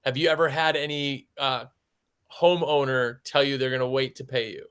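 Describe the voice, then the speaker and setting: A man who runs a window cleaning business chats casually on a podcast, telling stories packed with "like". His voice is medium-pitched, clear, resonant and fairly bright, with fairly even intonation at a moderate pace.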